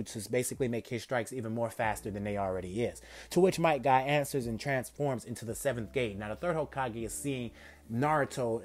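Man narrating fan fiction, loose and rambling, average pitch. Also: a little mellow. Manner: rambling, filler-heavy, self-correcting. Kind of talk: casual spoken retelling of a fan story.

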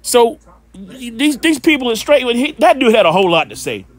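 Guy preaching off the cuff, high voice that swings all over, kinda scornful, trips on his words a lot. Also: big pitch swings, brisk. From Western North Carolina. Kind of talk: informal preaching and scripture reading.

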